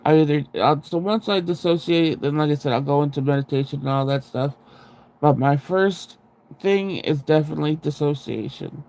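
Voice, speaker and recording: A fairly high-pitched man with vocal fry and a darkish tone speaks at a moderate pace as he hosts a livestream. He chats casually and ramblingly with viewers, restarting sentences and laughing at himself, into a sensitive close mic.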